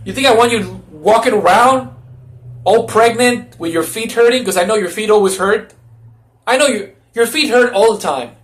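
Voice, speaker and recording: A man's voice: high-pitched, moderate pace. Crying young man, rambling plea. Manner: rambling, pleading, repeats himself. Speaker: vlogger. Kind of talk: emotional personal monologue.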